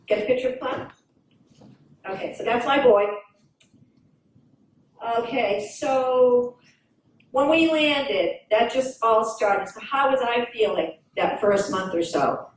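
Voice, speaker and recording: Older woman, earnest storyteller, fairly high voice, roomy echo, heard from a distance. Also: slight background noise. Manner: earnest, storytelling, pauses and restarts. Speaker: guest speaker. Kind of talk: personal talk with read-aloud poem. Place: banquet hall at a fundraising event. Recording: echoey hall, mic from far off.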